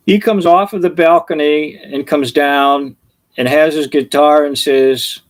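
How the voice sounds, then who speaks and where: A man preaching, telling funny illustrations with chuckles as an animated storyteller. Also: on the high side, a little slow. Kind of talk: sermon illustrations, storytelling jokes.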